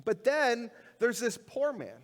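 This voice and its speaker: A man's voice: very high-pitched, wildly swooping pitch, slow, long reverb tail. A male pastor preaching a sermon in a church, retelling a scripture story in everyday, conversational words. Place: church sanctuary.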